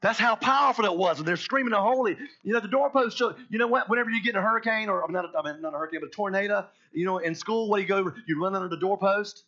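Emphatic preaching man, slightly high voice. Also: muffled recording. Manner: emphatic preaching that swings between hushed and loud. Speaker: pastor. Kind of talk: sermon.

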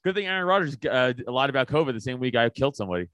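Blunt, profane American podcast guest. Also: male voice, mid-range voice, big pitch swings, very fast, a bit bright, clean tone, no echo. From United States. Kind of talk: casual podcast chat.

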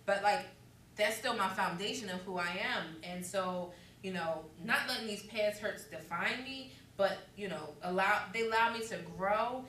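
A woman in her thirties with a bright, forceful voice, speaking reflectively with frequent ums and blunt cursing. She is recorded from a distance in an echoey room, with a faint hiss underneath. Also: mid-range voice, moderate pace. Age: 30s. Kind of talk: casual chat.

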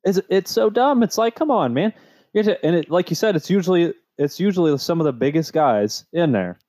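A man co-hosting a podcast in casual chat, animated and joking, often quoting himself. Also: on the high side, a little fast, no echo. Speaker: podcast co-host.

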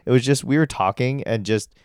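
A man's voice: mid-range voice, fairly quick, darkish tone, clean tone, dry recording, studio quality. A young man co-hosting a podcast at home, talking in a chatty, casual way and laughing easily. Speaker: podcast co-host. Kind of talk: casual chat.

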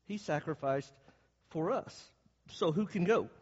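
A man's voice: a little high, a little slow, in a large hall, dull audio. A man preaching a Bible class, explaining the text and asking his listeners questions as he goes. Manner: asks the audience questions as he explains.

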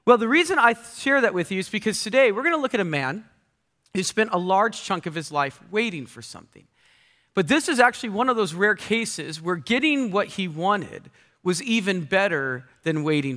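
A man's voice: high-pitched, big pitch swings, normal speed, bright, forceful tone. A man in his thirties, a pastor giving a sermon with playful, self-mocking storytelling. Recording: long hall reverb.

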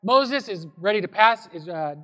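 High-voiced pastor in a reverberant hall. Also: male voice, moderate pace. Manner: relaxed, conversational storytelling. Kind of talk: sermon.

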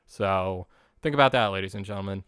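Male podcast host, late twenties, low-pitched, dry close sound, casual chatty recap voice. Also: fairly quick, smooth, dry recording. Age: late 20s. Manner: chatty, animated storyteller. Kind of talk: casual recap of a holiday special.

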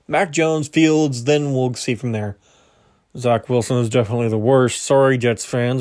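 A young man running through rankings on his own sports podcast in loose, casual talk. He trips over words and corrects himself as he goes, and his voice sounds a little strained. His pitch sits in an ordinary middle range. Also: fairly even intonation, normal speed, darkish tone. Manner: casual, rambling, self-correcting, laughs at himself. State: slightly strained voice. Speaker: podcast host.

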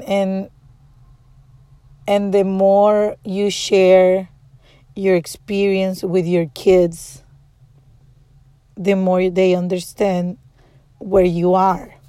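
Mom in her 30s, slow emotional storytelling, swears a lot, dry close sound. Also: medium pitch, dark tone, dry recording. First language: Spanish. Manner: emotional, frank, swears freely. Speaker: mother. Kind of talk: casual personal storytelling.

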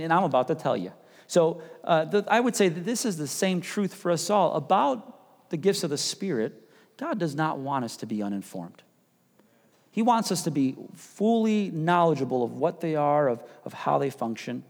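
A man preaching a sermon as pastor, chatty and casual, rising to loud urgent passages and dropping to hushed near-whispers. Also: fairly high pitch, very animated, moderate pace. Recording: long hall reverb.

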